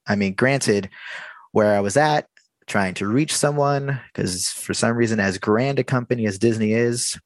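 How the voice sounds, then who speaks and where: A low-voiced man tells a work story in a casual, talky way, jumping into the dialogue and playing out each exchange. His voice sits dry and close to the mic with almost no room echo. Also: moderate pace. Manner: animated, acts out the dialogue. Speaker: theme park worker telling a story.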